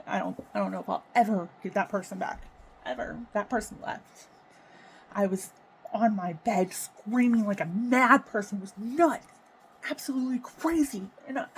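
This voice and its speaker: A woman talking unscripted to her camera about her own life, halting and emotional, swearing and sighing often. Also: a little high, a little mellow, a little hiss or hum, low-quality recording. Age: adult with children. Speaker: vlogger. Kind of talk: raw unscripted personal talk to camera.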